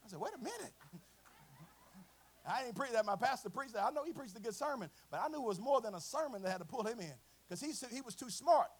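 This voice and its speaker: High-voiced preacher, shouted sung peaks. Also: male voice, animated, fast. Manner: chanting, shouted climaxes with congregational call and response; drops to a quiet conversational storytelling voice. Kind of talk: sermon.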